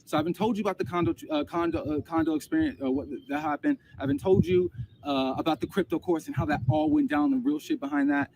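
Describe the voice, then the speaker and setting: Creaky, high-voiced man telling a story. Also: big pitch swings, fast. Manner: rambling, emotional, repeats words and restarts. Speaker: vlogger recounting a personal experience. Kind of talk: casual storytelling to camera. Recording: distant mic with loud background noise.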